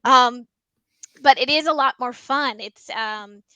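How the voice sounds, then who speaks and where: A woman's voice: high voice, slow, sharp tone, clean tone, no room sound, poor audio. A woman librarian giving casual teaching tips about reading picture books aloud, chatty and full of ums. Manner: chatty, many ums, explains by example. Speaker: school librarian.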